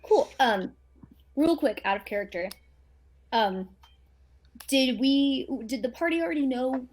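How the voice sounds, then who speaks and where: A woman's voice: high-pitched, a little slow, a little mellow. A woman chatting casually and upbeat as a player in a tabletop game.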